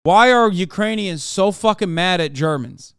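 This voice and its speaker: A male streamer talks politics in a blunt, argumentative way, swearing freely as he answers his chat. His voice sits a little high and comes through smooth and resonant. The sound is close and dry. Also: expressive, normal speed, fairly bright tone, dry recording. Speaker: livestreamer. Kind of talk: casual political commentary to chat.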